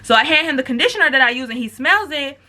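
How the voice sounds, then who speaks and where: A young woman tells a wild story to her camera. She talks in a loose, slangy, swearing way and acts out the quotes. Her voice sits high, with a very bright, sharp edge. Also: fast talker. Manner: animated, profane, slangy storytelling with acted quotes. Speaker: vlogger. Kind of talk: storytime with mukbang.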